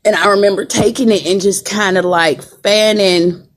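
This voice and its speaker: A woman's voice: mid-range voice, steady tone, normal speed. Emphatic woman live-streaming from a hospital. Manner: emphatic, repetitive, talks straight to viewers. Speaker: livestreamer. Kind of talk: casual live-stream rant. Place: hospital room.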